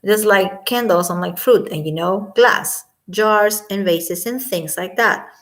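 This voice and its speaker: A woman's voice: mid-range voice, unhurried, fairly bright tone. A woman giving casual, indignant commentary, talking emphatically and often repeating herself. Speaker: commentary vlogger.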